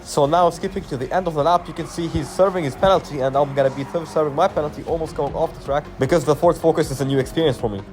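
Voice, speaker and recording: Fast-talking man narrating his race. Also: fairly high pitch. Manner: explanatory, matter-of-fact. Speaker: sim racing channel host. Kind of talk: voice-over race commentary. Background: background music.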